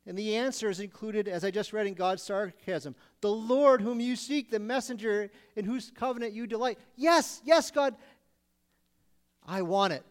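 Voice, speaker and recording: Man, preacher, fairly high voice, sermon, dramatic loud pleading bursts. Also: fairly even intonation, normal speed, few pauses.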